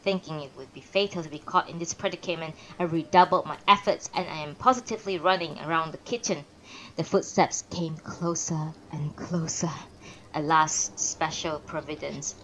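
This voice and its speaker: Woman reading a novel aloud, expressive. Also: sits low, poor audio. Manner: expressive reading with pauses and self-corrections. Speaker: narrator and streamer. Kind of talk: live-streamed audiobook reading.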